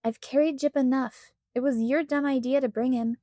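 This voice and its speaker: Woman reader doing a pushy young schoolgirl, high voice, dry close sound. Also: steady tone, moderate pace, no echo. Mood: sulky. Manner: bold, scheming, loud. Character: bossy impulsive ten-year-old girl.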